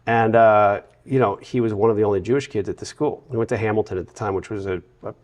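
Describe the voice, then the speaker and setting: Low-voiced man telling a rambling family story. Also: fairly even intonation, fast talker, darkish tone. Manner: rambling, anecdotal, long run-on retelling. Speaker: podcast guest. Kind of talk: casual interview storytelling.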